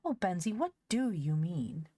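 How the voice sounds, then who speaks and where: A woman's voice: fairly low pitch, unhurried, no room sound. Woman doing an eager little girl. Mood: excited. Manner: earnest and excitable. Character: eager, chatty young girl. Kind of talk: audiobook character voice.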